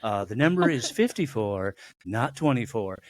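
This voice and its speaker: A man in his fifties voicing his own aging body as a formal radio announcer, slow and solemn. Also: mid-range voice, big pitch swings, dry recording, voice pushed down, lightly acted. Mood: mock solemn. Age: 50s.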